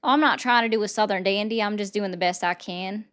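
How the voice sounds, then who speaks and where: A woman hosting a casual live-stream chat, talking in a chatty, sarcastic way with quick asides. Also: medium pitch, a bit bright. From United States. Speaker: host.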